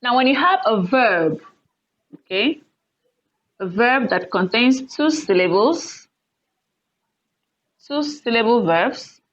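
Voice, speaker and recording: Slow, patient woman teaching English. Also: expressive, lo-fi sound. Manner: slow, patient, repeats example words loudly and high. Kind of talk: online English lesson on word stress.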